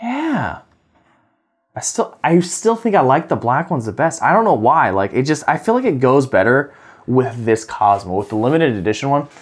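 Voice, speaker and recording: A woman's voice: rumbling low, very animated, a little fast, husky. A woman casually demonstrating a toy robot at a table, chatting and gushing, cooing at it in baby talk, recorded on a handheld camera. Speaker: toy reviewer. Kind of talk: casual hands-on demo.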